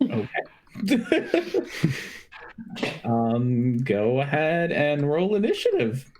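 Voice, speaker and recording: A man running a tabletop game as game master, talking haltingly with many fillers over an online call. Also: a little high, huge pitch swings, a little mellow.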